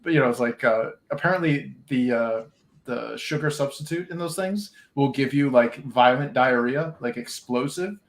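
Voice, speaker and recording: A man co-hosting a casual podcast chat, joking and laughing as he retells a story. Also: medium pitch. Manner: joking, quick to laugh, tells anecdotes. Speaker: podcast co-host.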